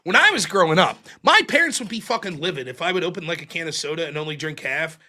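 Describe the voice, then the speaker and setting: A young man hosting a call-in show, telling stories in a profane, animated way and putting on mocking voices for the people he quotes. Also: a little high, fast talker. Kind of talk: casual call-in chat.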